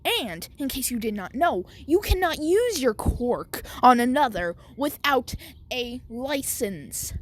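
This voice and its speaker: A woman's voice: high-pitched, big pitch swings, slow pace, heavily acted. A woman voicing a stern male school principal who scolds and lectures indignantly. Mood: lecturing.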